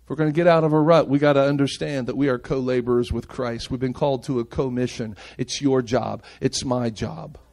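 A male pastor preaching a sermon with passion, moving between raised, urgent lines and quiet, hushed ones. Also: mid-range voice, fairly even intonation, brisk, hardly any pauses. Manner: impassioned preaching, swinging between loud and hushed.

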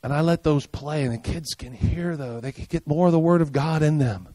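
An older man preaching a sermon as pastor, emphatic, firing rhetorical questions and asking the congregation if they are with him, swinging from loud punchy lines to quiet low ones. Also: brisk, no room sound. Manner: emphatic, rhetorical questions and call-and-response checks.

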